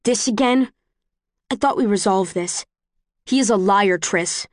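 A woman's voice: a little slow, no room sound, clean studio sound, close to an everyday voice. A woman voicing a terse young man. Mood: curt. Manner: low, clipped, flat delivery. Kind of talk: audiobook character reading.

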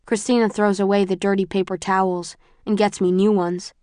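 A woman narrating a first-person audiobook in a measured, subdued way. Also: mid-range voice, flat delivery, mellow, no echo, clean studio sound.

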